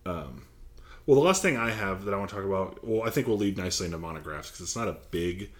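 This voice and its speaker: A man co-hosting a podcast, chatting casually and laughing as he retells movie scenes with animated bursts. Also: sits low, quick pace. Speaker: podcast co-host. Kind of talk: casual chat.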